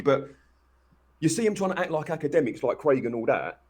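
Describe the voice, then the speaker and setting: A man's voice: fairly high pitch, lively intonation, fairly quick, darkish tone, husky. A man co-hosting a podcast, talking in a blunt, brash way and swearing freely. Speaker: podcast co-host. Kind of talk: casual chat.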